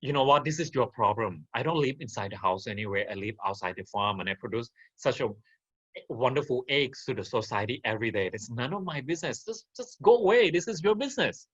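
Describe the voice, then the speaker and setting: A man's voice: mid-range voice, expressive, brisk, husky, no room sound, dull audio. A man playing a smug, selfish hen. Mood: dismissive. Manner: dismissive. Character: smug selfish hen who won't help.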